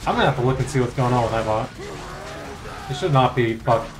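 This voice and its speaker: A man's voice: medium pitch, sing-song, moderate pace. A man streaming a video game, joking crudely and talking to the game and his chat in casual commentary.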